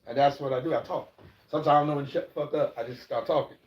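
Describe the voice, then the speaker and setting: On a live stream, a middle-aged man talks fast and loosely, swearing and rambling into preachy asides. His voice is mid-range with fairly even intonation, and the room sound is echoey, dull, and lo-fi.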